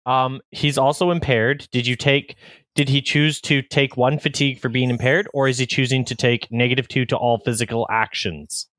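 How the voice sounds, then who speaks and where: A man's voice: mid-range voice, little pitch movement, normal speed, fairly bright tone, no room sound. Man explaining game rules. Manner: methodical, rules-minded. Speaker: player. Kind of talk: casual game chat.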